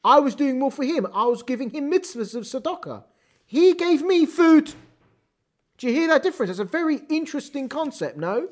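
Working through a text at a fairly quick clip, an energetic Torah teacher fires off rhetorical questions in this study lesson. Wide pitch swings mark his delivery, and he reads Hebrew terms aloud throughout.

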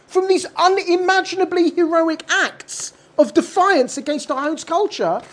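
Woman, high-pitched Torah teacher; animated delivery full of rhetorical questions. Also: a little slow. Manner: animated, many rhetorical questions, Hebrew terms mixed in. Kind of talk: lively Torah lesson.

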